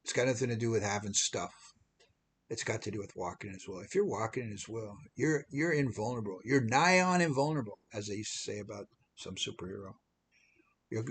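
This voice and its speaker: A man's voice: lowish voice, breathy edge. A man giving an informal devotional talk as an online preacher, chatting along and often repeating and restarting phrases.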